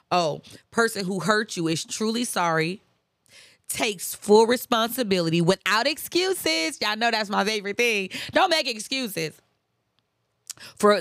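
A woman hosts a casual faith-based talk about forgiveness, her medium-pitched voice creaky and fairly bright. She's chatty and emphatic, repeating phrases for emphasis and slipping into preachy asides. The recording is dry, with clean studio sound.

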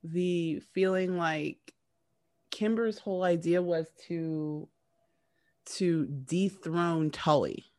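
A woman's voice: fairly low pitch, takes it slowly, a little mellow. A woman casually recapping a TV show, rambling with lots of fillers and restarts.

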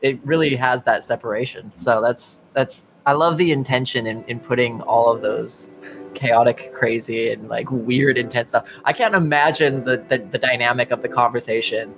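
A man hosting a podcast, encouraging and quick to laugh in casual chat. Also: mid-range voice, steady tone, music in the background, poor audio.

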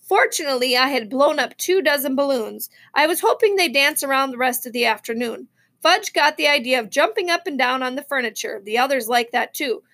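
A woman reading a children's novel aloud, expressive, with small slips and restarts. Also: high-pitched. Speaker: reader.

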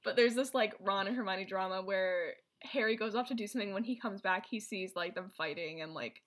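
Woman, bright clear tone, casual chat, rambling recap, filler-heavy. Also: mid-range voice, a little fast. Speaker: co-host presenting a movie recap.

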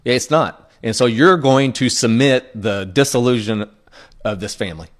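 A pastor with a medium-pitched voice gives a conversational sermon at normal speed, earnest and plainspoken. As he teaches, he frequently checks in with the congregation.

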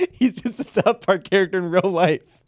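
A man hosting a podcast, chatting casually and telling stories in a rambling, animated way. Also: high-pitched, moderate pace, no echo, clean studio sound. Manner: rambling, animated storytelling with laughs. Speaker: podcast host. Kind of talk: casual chat.

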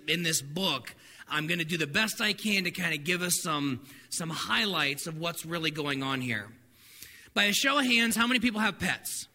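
Middle-aged man preaching, high and bright, reverby church hall, faint hiss. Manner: animated storytelling with laughs and acted-out dialogue; drops soft and low for spiritual points. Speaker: pastor. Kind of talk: sermon.

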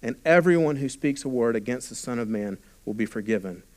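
A pastor preaching a sermon, reading scripture and explaining it, often dropping to a quiet, intimate tone and then rising with force. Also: male voice, medium pitch, animated, fairly quick. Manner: preaching with sudden drops to a hushed voice and swells in volume.

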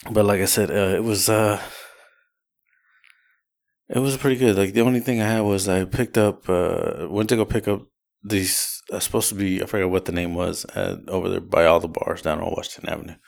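A man's voice: low voice, gravelly, darkish tone. A man hosting a podcast alone, telling a rideshare story in a rambling casual way with many fillers. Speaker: podcast host.

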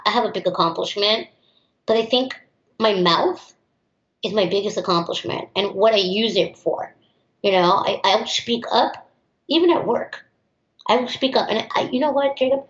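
A young American woman, a teacher, answering interview questions in an outspoken and emphatic way. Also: medium pitch. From United States. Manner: outspoken and emphatic, acts out others' voices. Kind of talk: interview answers, personal storytelling. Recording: roomy, slightly dull recording.

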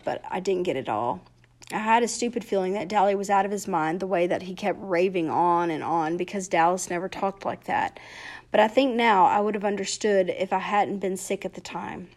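A woman reading a novel aloud chapter by chapter, with plain, steady narration. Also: on the low side, normal speed. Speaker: reader.

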